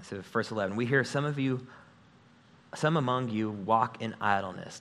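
Through a stage microphone, a pastor gives a sermon in a lowish voice at normal speed. He's energetic and conversational, and he jokes with his congregation as he goes.

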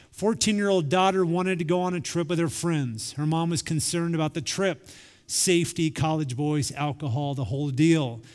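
Male pastor in his forties, slightly higher voice, conversational sermon, long hall reverb. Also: darkish tone. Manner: conversational preaching with acted quotes.

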